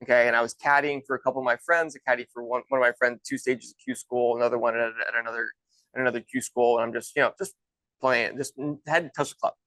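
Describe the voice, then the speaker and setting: A man's voice: mid-range voice, fairly even intonation, fast, pushed and bright, no echo, poor audio. A man in his thirties, a golf instructor and former pro, telling stories in a loose, chatty way with many restarts. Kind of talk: casual storytelling.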